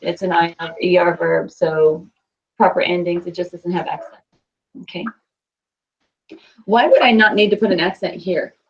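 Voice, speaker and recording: A woman's voice: on the low side, moderate pace, long pauses, muffled recording. A woman teaching a Spanish class, patiently quizzing students and repeating their answers.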